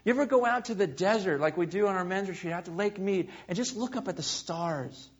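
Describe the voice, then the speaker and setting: A man preaching a sermon to a congregation, swinging between loud emphasis and hushed, quiet asides. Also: sits high, fairly quick, husky, lo-fi sound. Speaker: pastor. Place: room with a live congregation.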